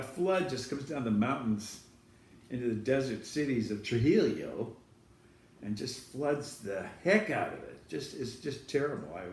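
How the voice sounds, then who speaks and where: A man's voice: mid-range voice, darkish tone. Rambling man telling a story in an echoey room. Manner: rambling, self-correcting anecdotes. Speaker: host telling a personal story. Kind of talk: casual storytelling to camera. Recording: echoey room, far from the mic.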